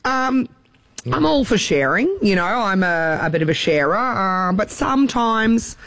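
A man's voice: high voice, expressive, a little slow, fairly bright tone, no room sound. A man with an Australian accent co-hosting breakfast radio, chatting in a rambling way. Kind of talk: casual radio banter.

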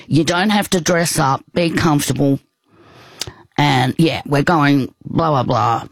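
A woman, putting on her excited female friend who is planning a surprise, in a husky, fast voice. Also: low-pitched, no echo. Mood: eager.

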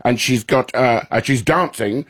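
A man, a comedian chatting casually as a guest, telling animated, joking stories. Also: medium pitch, measured pace, husky. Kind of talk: casual radio chat.

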